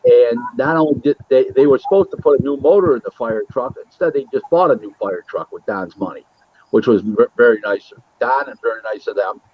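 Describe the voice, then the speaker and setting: Recorded with a dull, dry, lo-fi sound, a man from Buffalo, New York speaks fairly quickly in a mid-range voice. A boxing matchmaker and booking agent, he tells stories in a casual interview, animatedly acting out the dialogue he quotes.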